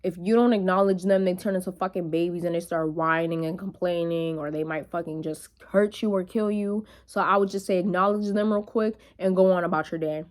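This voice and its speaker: A woman's voice: fairly low pitch, steady tone, a little fast, few pauses. A young woman vlogging to camera in a casual monologue, blunt and full of swearing, calling her viewers y'all.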